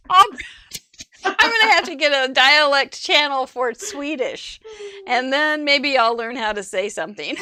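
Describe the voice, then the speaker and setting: Hosting a live crafting show, a Midwestern American woman keeps up casual stream chat, giggling and thinking out loud. She speaks unhurriedly in a high, expressive voice that sounds pushed and bright.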